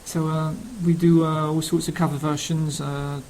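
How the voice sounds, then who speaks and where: A man's voice: fairly high pitch, level tone, normal speed, a little mellow, a little hiss or hum, low-quality recording. A man with a Cockney London accent introducing himself casually, rambling with many ums and uhs. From England. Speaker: language learning speaker.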